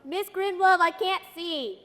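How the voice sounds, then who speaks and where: A woman's voice: a little slow, fairly bright tone. A young woman acting in a school play as an anxious seven-year-old girl who whines and pleads with her teacher. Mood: tearful. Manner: whiny, pleading, high-strung. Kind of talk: high school stage play. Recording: echoey auditorium, from a distance.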